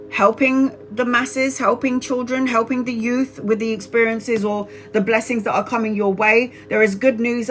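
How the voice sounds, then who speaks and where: A woman giving live-stream tarot readings in an excitable way, often laughing and exclaiming, and calling viewers sweetheart. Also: fairly high pitch, low-quality recording. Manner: affectionate, calls viewers sweetheart. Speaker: tarot reader.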